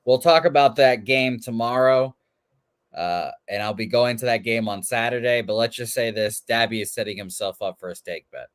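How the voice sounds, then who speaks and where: A man's voice: medium pitch, normal speed, dry recording, clean studio sound. A man with a nasal voice co-hosting a betting show, blunt and joking while quoting stats and odds. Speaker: sports betting co-host. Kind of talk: casual betting talk.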